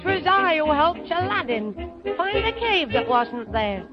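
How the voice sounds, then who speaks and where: A woman's voice: high voice, sing-song, measured pace. A woman singing as a wry, aging fairy queen. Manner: bright sung music hall delivery with chuckles. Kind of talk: music hall song. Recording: old dull record with loud band.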